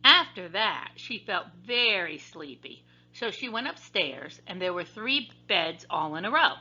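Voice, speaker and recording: A woman librarian reading a children's story aloud in an expressive, sing-song storytelling way. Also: on the low side, unhurried. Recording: dull lo-fi recording.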